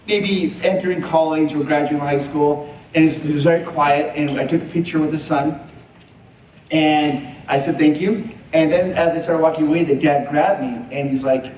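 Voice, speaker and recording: A man's voice: fairly high pitch, steady tone, moderate pace, darkish tone, a little hiss or hum. Earnest man on a convention panel. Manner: earnest, heartfelt storytelling. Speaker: panel guest. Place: large convention hall. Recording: echoey hall, voice from far off.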